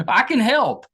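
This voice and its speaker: A woman from West Virginia with a strong Southern drawl, hosting a podcast interview in a chatty, self-deprecating way. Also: on the high side. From West Virginia, USA. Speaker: podcast host. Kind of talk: casual interview chat.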